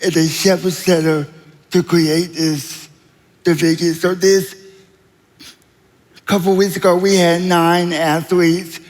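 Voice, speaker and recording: Young male guest, slow and halting, fairly high pitched, recorded in an echoing hall. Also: little pitch movement. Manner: slow, halting delivery with many pauses. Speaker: interview guest, athlete. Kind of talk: onstage interview. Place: large church auditorium. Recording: reverberant hall.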